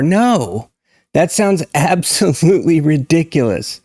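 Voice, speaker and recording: A man from the United States, a YouTube language commentator, talks casually to camera about pronunciation, opinionated and emphatic as he demonstrates sounds. His medium-pitched voice is animated and a little mellow, with vocal fry, at a moderate pace. The sound is dry, clean studio quality.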